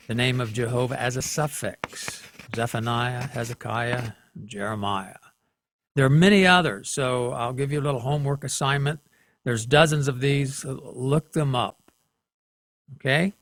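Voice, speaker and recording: A man gives a classroom lecture in an unhurried, careful way. He keeps stopping to check in with his students. A faint hiss of background noise sits under the recording. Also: medium pitch, a bit bright. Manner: slow, deliberate, checks in with "okay?". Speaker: teacher.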